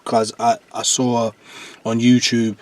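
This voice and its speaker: Animated MC with a dry close sound. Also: male voice, mid-range voice, takes it slowly, no echo. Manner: animated storyteller, keeps checking "do you understand". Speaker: guest, jungle MC. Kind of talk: podcast interview.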